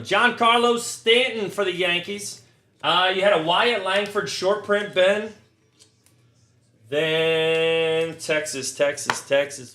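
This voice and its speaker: A man's voice: a little high, pushed and bright. Blunt, profane male card-break host. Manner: blunt, profane, sarcastic rants between listing cards. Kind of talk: casual live card-break commentary. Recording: echoey room, faint noise. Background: crinkling card wrappers, clicks.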